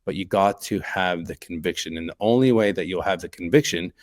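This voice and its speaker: Male co-host, low-pitched, keen and emphatic in casual chat. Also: a little fast. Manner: enthusiastic, repetitive emphasis. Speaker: podcast co-host.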